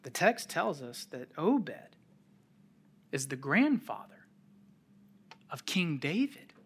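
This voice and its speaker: A man preaching a sermon, telling a scripture story with sudden drops to a near-whisper and rises to loud calls, with chuckling asides. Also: on the high side, sing-song, takes it slowly, breathy edge. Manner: chuckles while making light asides.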